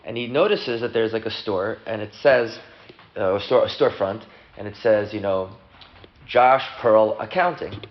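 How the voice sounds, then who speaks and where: A man, a rabbi, casually teaching a class and acting out the people in his story. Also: moderate pace. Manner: animated, acts out characters with big pitch jumps. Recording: dull lo-fi room recording.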